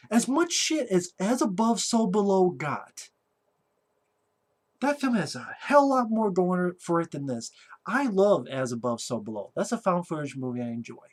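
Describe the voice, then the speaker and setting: A film reviewer giving a casual movie review rant, talking in a blunt, sarcastic way with a lot of swearing. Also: mid-range voice.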